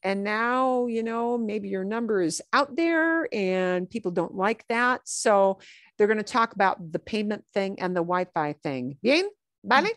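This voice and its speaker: A woman's voice: mid-range voice, animated, a little slow, fairly bright tone, dry recording. Chatty woman teaching Spanish, dry sound. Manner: chatty, mixes Spanish phrases into English explanations. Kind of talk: online class lesson.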